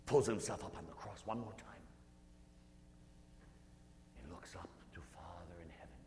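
A man preaching a guided meditation sermon, telling the scene vividly, swelling to intensity and sinking to hushed whispers. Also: sits low, a little slow. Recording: echoey hall with faint hum.

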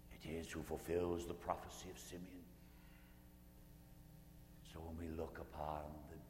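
Preacher in a reverberant hall. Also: male voice, extremely low pitch. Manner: vivid, swelling to intensity, dropping to hushed whispers. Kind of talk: sermon as guided meditation. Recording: echoey hall with faint hum.

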